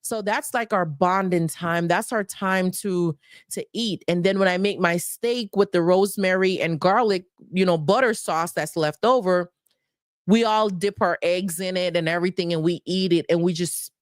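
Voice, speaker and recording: A woman speaks in a motivational personal talk with a lowish voice. She is earnest and emphatic, circling back to key phrases. The sound is close and dry, with no room echo. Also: normal speed. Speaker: host.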